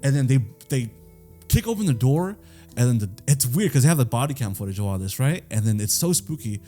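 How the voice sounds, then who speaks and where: Young man, podcast co-host, warm dark tone, casual crime storytelling, faint music behind. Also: medium pitch, animated, a little fast. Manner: loose and profane, full of fillers and "right?".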